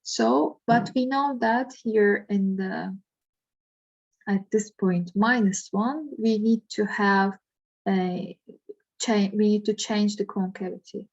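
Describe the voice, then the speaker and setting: A woman teaching a math lesson, working through an example step by step and thinking aloud with frequent pauses and fillers. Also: mid-range voice, fairly even intonation, a little mellow, lo-fi sound. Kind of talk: slow worked-example lesson.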